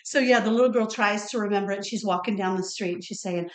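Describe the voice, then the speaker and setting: A woman's voice: medium pitch, quick pace, echoey room. A woman from Ohio co-hosting a cooking podcast, chatting and telling stories while she cooks in a home kitchen. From Ohio, USA. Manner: chatty, storytelling, laughs often. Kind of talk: casual chat while cooking.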